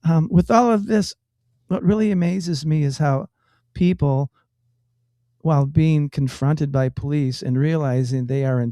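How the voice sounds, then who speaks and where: A man's voice: a little high, dry recording, clean studio sound. A man co-hosting a radio show in casual chat, rambling and incredulous, often restarting his sentences. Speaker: radio co-host.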